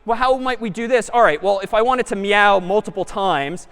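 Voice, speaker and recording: A man's voice: high-pitched, brisk, clear, resonant tone. A man giving a live computer science lecture, thinking aloud as he works through a demo. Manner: lively and animated, thinking aloud. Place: large lecture hall. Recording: lecture hall with long reverb.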